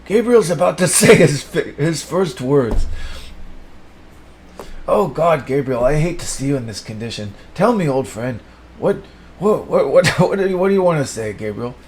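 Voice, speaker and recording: A man improvising an absurd, profanity-laced comedy monologue, rambling and swinging between mumbles and sudden shouts. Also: fairly high pitch, lively intonation, moderate pace, a little hiss or hum.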